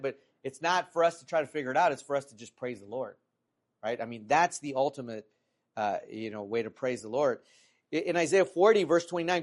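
A middle-aged man preaching a sermon in a conversational way, with many fillers and restarts, rising in pitch and volume when he reads scripture aloud. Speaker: pastor.

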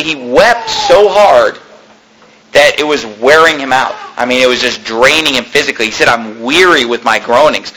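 A man preaching a sermon, emphatic and conversational, often quoting old-style scripture and dropping his voice to a hush for effect. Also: on the high side, a little hiss or hum, poor audio. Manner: emphatic, swings between loud and hushed; quotes King James scripture aloud.

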